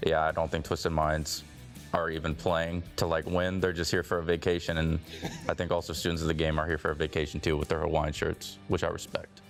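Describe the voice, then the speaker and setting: Man, very low voice, playful trash talk, casual interview banter. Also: level tone, fairly quick, faint music behind. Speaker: esports player.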